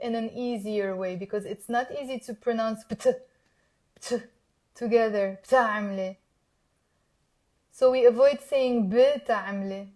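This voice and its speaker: A Lebanese woman with a high voice teaches her dialect in a live online lesson. She coaxes her viewers to repeat after her and slows down to spell out each word. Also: darkish tone. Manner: encouraging, coaxing viewers to repeat aloud. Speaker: Arabic teacher.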